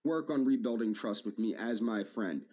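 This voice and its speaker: A man's voice: on the low side, normal speed, warm tone, highs cut off. A man in a video rant, hurt and aggrieved, repeating his phrases as he addresses a former friend.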